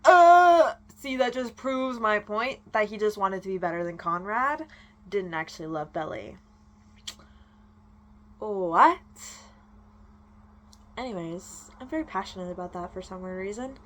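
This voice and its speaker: A young woman vlogger ranting in casual chat, animated and swearing freely. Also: mid-range voice, measured pace, pauses often.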